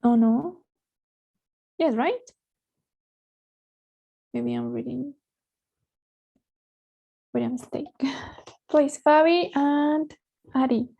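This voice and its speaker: Over a video call, a woman teaches an online English class, switching between English and Spanish and coaxing students with a frequent "right?". Her high voice draws out words, with vocal fry, a breathy edge and many pauses. The audio is muffled.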